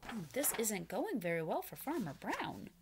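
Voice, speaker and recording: A woman reading a picture book aloud to preschoolers, pausing to explain words and invite the children to join in. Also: a little high, big pitch swings, slight background noise. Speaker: children's storyteller.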